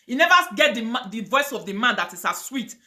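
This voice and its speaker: A woman's voice: fairly high pitch, animated, quick pace, bright, forceful tone. A woman with a Nigerian accent ranting on a live video, mixing pidgin, chanting curses and prayers with fire. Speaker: online video host.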